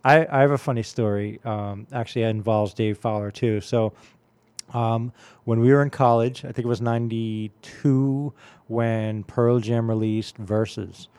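A man's voice: medium pitch, fairly even intonation, normal speed, a little mellow, clear, resonant tone. A man in his late forties hosting a radio music show, telling stories in a rambling, casual way full of fillers. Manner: rambling storyteller, many fillers.

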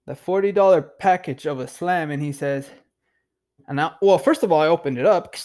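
A man's voice: fairly high pitch, moderate pace, a little mellow. A young man hosting a podcast, telling a rambling story in a loose, profane way, full of fillers and "dude". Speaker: podcast host. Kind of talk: casual storytelling.

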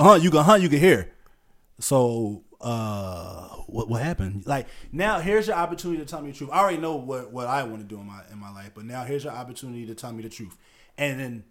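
A man's voice: medium pitch, a bit bright. A young man co-hosting a casual podcast, talking loose and profane, trailing off and restarting, breaking into laughs. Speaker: podcast co-host.

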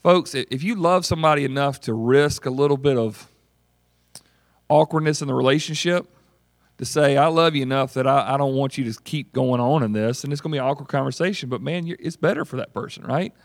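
A man preaching a sermon in a conversational, animated way, often putting questions to the congregation. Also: medium pitch, brisk, dry recording, studio quality. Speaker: pastor.

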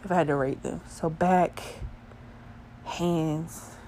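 A young woman tells a raunchy story in casual, animated bursts, swearing freely and breaking into laughter. Her voice sits a little low for a woman. A faint background hiss runs under it. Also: slow. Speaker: vlogger.

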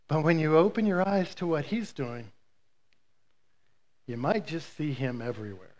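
A pastor delivers a sermon at normal speed with lively, story-driven energy, tossing playful asides to his congregation. His voice sits high for a man, and the recording sounds dull and lo-fi.

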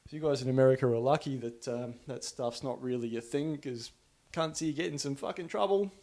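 An Australian podcaster rants casually, his medium-pitched voice a little fast and a little mellow. He's profane and rambling, often restarting sentences in exasperation.

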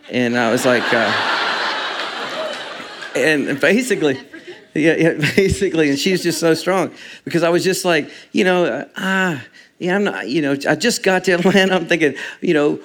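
Halting man laughing through a story. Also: a little high, fairly bright tone, slight background noise. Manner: halting, many restarts, laughs often while talking. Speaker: guest telling a personal story. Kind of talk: casual storytelling.

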